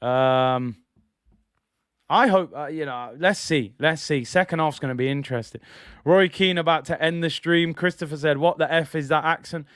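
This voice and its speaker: A man's voice: on the high side, moderate pace, a bit bright, clean tone, dry recording, studio quality. A man hosting a live football watch-along stream, giving opinionated chat and reading viewers' messages aloud.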